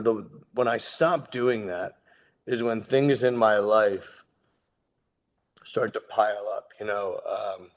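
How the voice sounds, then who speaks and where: A man in his thirties speaks at a sobriety meeting with a low, gravelly voice that keeps slipping into fry. He talks in an earnest, heartfelt way, plain-spoken and candid, with casual swearing. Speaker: guest speaker sharing his recovery story.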